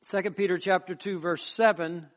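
A man with a notably high-pitched voice delivers a sermon. He preaches in a repetitive, rising cadence and works his personal testimony into the message. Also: steady tone, moderate pace.

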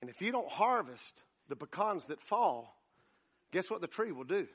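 Pastor, man, very high bright voice, folksy joking sermon. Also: very animated, moderate pace, breathy edge.

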